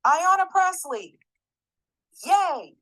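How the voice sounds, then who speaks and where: A woman's voice: extremely high pitch, lively intonation, extremely slow, bright, forceful tone. A woman giving an angry, emphatic political commentary, swearing and repeating her points.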